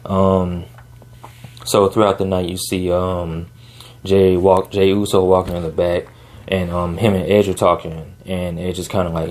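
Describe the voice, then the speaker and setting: A man with a low voice recaps a wrestling episode in a relaxed, rambling way. He leans on fillers and briefly voices the people he's quoting. Faint music plays quietly under his talk. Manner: laid-back, filler-heavy retelling with quick acted-out quotes. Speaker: wrestling show reviewer. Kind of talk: casual recap monologue. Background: faint background music.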